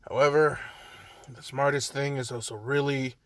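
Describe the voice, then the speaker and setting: A man's voice: mid-range voice, steady tone, normal speed, a bit bright, no echo, lightly acted. A man voicing a weary adult male teacher who talks bluntly and swears in exasperation. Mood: exasperated.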